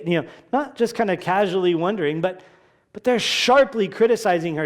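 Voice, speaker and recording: Pastor, male, high voice, conversational sermon delivery, acts out quoted voices. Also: brisk.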